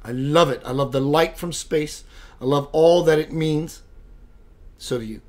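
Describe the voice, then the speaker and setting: At a measured pace and fairly high pitch, this man runs a spiritual web radio show. The livestream is casual, playful chat where he greets viewers by name and often laughs.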